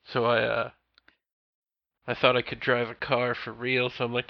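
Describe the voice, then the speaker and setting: A man chats on a podcast in a dry, self-mocking way, his voice mid-pitched. The sound is dull and lo-fi. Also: level tone, moderate pace, vocal fry, pauses often. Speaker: podcast co-host. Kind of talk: casual chat.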